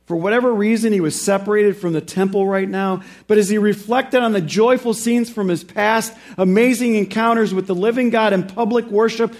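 High-voiced man preaching a sermon. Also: steady tone. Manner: preaches with slow, emphatic rises on key phrases; drops low and quiet for reflective points. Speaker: pastor.

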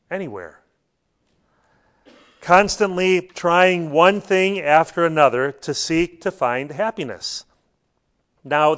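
A man delivers a sermon in an easy, talk-like manner, weaving in anecdotes. His voice sits a little on the high side. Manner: conversational preaching with anecdotes and light laughs. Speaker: pastor.

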